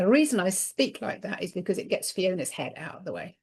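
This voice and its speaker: A woman's voice: fairly low pitch, big pitch swings, fairly quick, a little mellow, slightly rough. Emphatic woman giving a spiritual card reading. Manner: emphatic, repeats words for stress. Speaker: spiritual card reader and channel. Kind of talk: inspirational monologue to camera.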